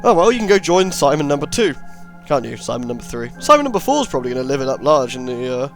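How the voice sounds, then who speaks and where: A man's voice: mid-range voice, big pitch swings, fast talker, soft background music. A man hosting a let's play, rambling and sarcastic as he comments on the game. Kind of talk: gameplay commentary.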